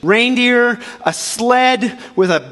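A man preaching a sermon as a pastor, animated and full of restarts, acting out the voices of the people he quotes. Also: very high-pitched, slow, big-room sound. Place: church auditorium.

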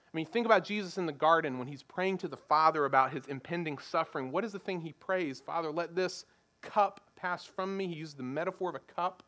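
A man's voice: on the high side, brisk, fairly bright tone. A man preaching a sermon in a conversational teaching manner, often asking the congregation rhetorical questions. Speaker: pastor.

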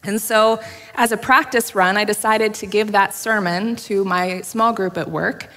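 A woman's voice: mid-range voice, steady tone, unhurried, pushed and bright. A woman preaches a sermon in a church sanctuary, her voice trailing into a long hall reverb. She tells her story candidly and with self-deprecating humor, breaking into little laughs along the way. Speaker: pastor.

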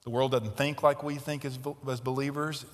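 A man preaching a sermon, telling a story and growing loud and animated in tense moments. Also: medium pitch, moderate pace, big-room sound. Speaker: pastor. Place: large tent.

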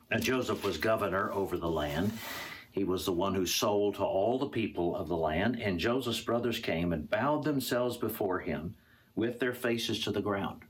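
A man's voice: sits low, fairly bright tone, a little hiss or hum. A male pastor preaching a sermon and reading scripture, earnest and repeating words for emphasis.

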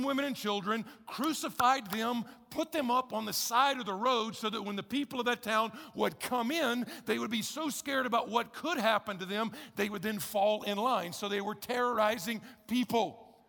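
A man's voice: high voice, creaky, bright, forceful tone. A man preaching a sermon as pastor, conversational and emphatic, repeating key phrases with wry humor. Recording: echoey church hall.

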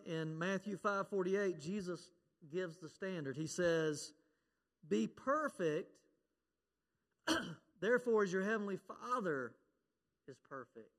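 An earnest man preaching from the pulpit, his voice sitting a little high for a man. He quotes scripture and leans into his points, and the long reverb of a church hall trails behind every phrase. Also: a bit bright. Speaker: pastor. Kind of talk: sermon. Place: church sanctuary.

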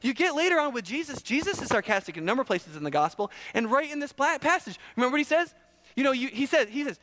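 High-voiced pastor preaching in a reverberant hall. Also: male voice, fast talker. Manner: conversational, animated, asks the audience questions. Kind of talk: sermon. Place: church hall.

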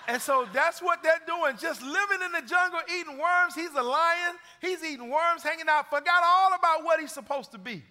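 A man's voice: very high voice, moderate pace, few pauses, pushed and bright. A middle-aged man preaching a sermon as pastor, building emphasis and retelling stories with energy. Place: church sanctuary. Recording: long hall reverb.

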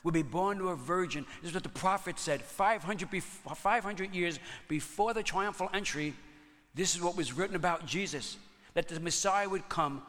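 Animated man preaching in an echoey hall. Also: on the high side. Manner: animated storytelling, laughing often. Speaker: pastor. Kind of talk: sermon.

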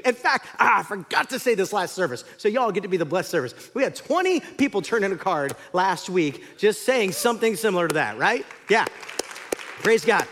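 A man preaching a sermon as pastor, swinging from loud emphatic lines to hushed ones. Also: extremely high pitch, creaky. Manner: animated, dramatic swings between loud and hushed. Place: church sanctuary. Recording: reverberant church hall.

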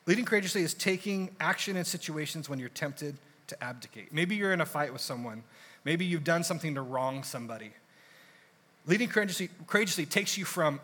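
Young male pastor, fairly high, bright voice; casual, animated sermon delivery. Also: a little fast. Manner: conversational, animated storytelling with asides.

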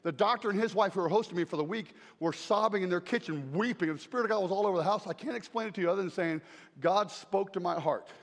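Brief: male preacher, very high voice, animated sermon delivery with shouted punch lines, echoey hall. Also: racing, few pauses. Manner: animated, emphatic, shouts key phrases. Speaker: traveling preacher.

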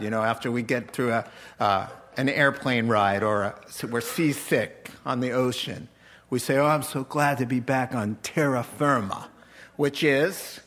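A man preaching a sermon as pastor, animated and joking with laughing asides. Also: mid-range voice.

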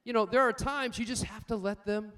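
An older man preaching a sermon, swinging between loud emphatic points and quiet personal stories, calling out for amens. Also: sits high, a little fast. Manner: asks the congregation for amens. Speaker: pastor.

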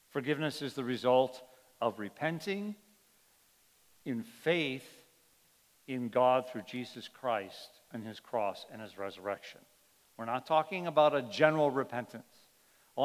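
A man's voice: medium pitch, lively intonation, measured pace. A man preaching a sermon as pastor, earnest and emphatic, often letting his voice drop at the end of a point. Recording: long hall reverb.

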